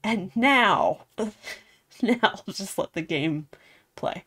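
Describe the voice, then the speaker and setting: A woman chatting through a recap of a game's story, loose and rambling, full of fillers. Her voice is very lively, sliding up and down a lot. She talks like she is catching up a friend. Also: medium pitch, drawn-out words, husky. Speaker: game streamer. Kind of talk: casual game recap.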